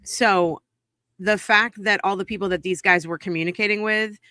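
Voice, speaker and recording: Indignant woman with a bright voice. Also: medium pitch, fairly even intonation, moderate pace, no echo, clean studio sound. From Massachusetts. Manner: heated, indignant, swears for emphasis. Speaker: podcast co-host. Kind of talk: casual chat.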